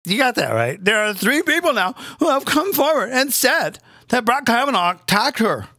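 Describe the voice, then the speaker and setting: A man's voice: very high voice, sing-song, normal speed, sharp tone, no room sound, clean studio sound. A man hosting a live comedic rant, crude, sarcastic and exasperated. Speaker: comedian host.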